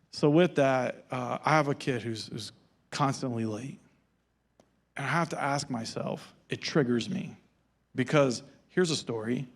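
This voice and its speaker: A man's voice: medium pitch, creaky. A male pastor giving a sermon in a casual storytelling manner and acting out the dialogue.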